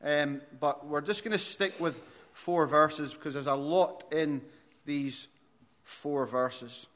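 A man in his forties with an Aberdonian Scottish accent preaches to his congregation. His voice sits a little high for a man. He talks earnestly, often restarting phrases, and gets louder as he tells a story. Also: takes it slowly. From Aberdeen, Scotland. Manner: earnest preacher, frequent restarts, rises in volume when telling stories. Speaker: pastor. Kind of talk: sermon.

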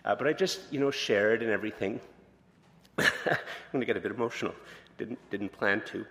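A man's voice: medium pitch, fairly quick, fairly bright tone, big-room sound. A man pastor giving a conversational sermon, telling personal stories in an informal, candid way with lots of fillers and restarts. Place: church sanctuary.

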